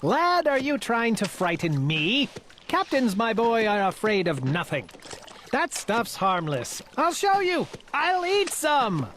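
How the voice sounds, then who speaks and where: A woman's voice: on the high side, big pitch swings, slow pace, fairly bright tone, slight background noise, full character voice. A woman reading aloud, voicing a vain, smug male captain of the guards who talks in a breezy, dismissive way.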